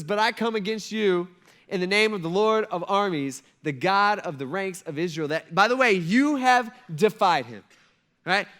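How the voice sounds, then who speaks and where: Animated high-voiced male pastor. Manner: animated storytelling, acting out the characters' lines. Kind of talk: sermon.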